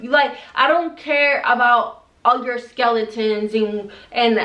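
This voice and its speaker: High-voiced young woman, echoey room. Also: takes it slowly, hardly any pauses, recorded from a distance, lo-fi sound. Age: young adult. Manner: animated, exasperated retelling with quoted back-and-forth. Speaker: vlogger. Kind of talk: casual storytime vlog.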